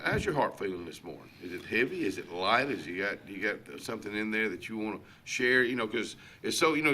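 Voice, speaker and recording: A man's voice: fairly low pitch, sharp tone. A man with an Alabama Southern drawl hosting a morning talk show in a rambling, folksy way, with many fillers and restarts. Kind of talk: casual chat.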